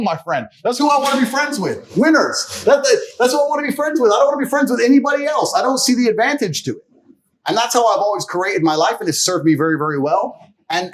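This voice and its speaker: Cocky guy on a podcast swearing and bragging, kinda high voice, laughs a lot. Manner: brash, profane, boastful, laughing often. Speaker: podcast guest. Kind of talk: casual storytelling chat.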